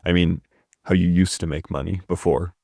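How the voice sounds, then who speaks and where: A man's voice: deep voice, steady tone, moderate pace, gravelly, a little mellow, no room sound, studio quality. A man reading a broke, pushy young guy.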